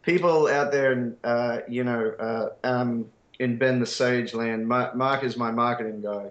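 Appearing as a podcast guest, this Australian speaks at a measured pace in a medium-pitched voice with fairly even intonation. He wanders through casual, self-deprecating chat loaded with fillers, and the dull-sounding recording carries a roomy echo.

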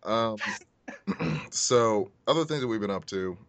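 A man hosting a podcast in casual chat, wry and halting, often repeating himself and laughing. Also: on the low side, expressive, vocal fry, no room sound. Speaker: podcast host.

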